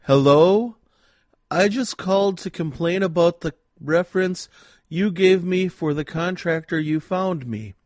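A man reading a comic monologue as a deliberate, complaining phone caller. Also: sits high, dry recording, clean studio sound. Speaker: story contributor.

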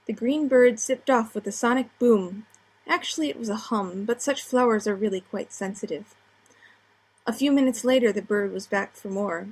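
A woman's voice: medium pitch, normal speed, a little mellow, husky. A woman narrating a short story with a light, wry touch. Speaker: story reader.

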